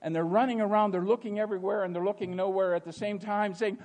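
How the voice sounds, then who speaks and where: A preacher with a high voice delivers a sermon. He leans on rhetorical questions and moves from hushed storytelling to loud emphasis. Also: steady tone, fast, hardly any pauses, narrow, tinny audio.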